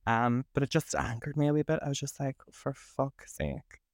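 A man's voice: mid-range voice, fast, creaky, no room sound, studio quality. A man, co-hosting a podcast and ranting in casual, sweary chat. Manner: sweary, ranting, animated storytelling. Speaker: podcast co-host.

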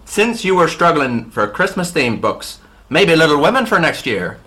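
A man putting on a loud Ulster letter-writer. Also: a little high, sing-song, moderate pace, pitched above the performer's own voice. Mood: mock-earnest. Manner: exaggerated, loud letter-reading voice. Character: Northern Irish theology student writing in.

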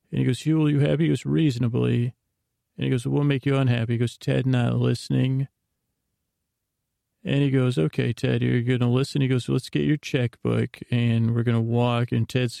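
A man hosting a sleep podcast retells a TV episode as a meandering bedtime ramble full of restarts and asides. His mid-range voice is creaky and mellow, recorded in clean studio sound with no echo.

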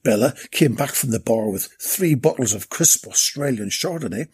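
A man with a gravelly, raspy voice narrating a comic story in a deadpan way. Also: medium pitch, moderate pace.

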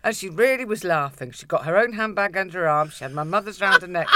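Animated woman telling stories. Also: on the low side, fast, no echo, clean studio sound. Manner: lively storyteller, swears freely, laughs often. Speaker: podcast co-host. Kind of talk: casual chat, anecdote telling.

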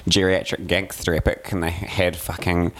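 A man co-hosting a comedy podcast in casual chat. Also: normal speed. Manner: animated, acts out strangers in high shrieking voices. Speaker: podcast co-host.

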